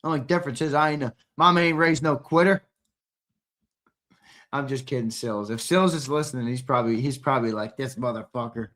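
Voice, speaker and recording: Young male stream co-host, bright edgy voice, slightly strained, brash and teasing, swears freely. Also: medium pitch, brisk. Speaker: live show co-host reading chat. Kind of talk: casual live-stream chat.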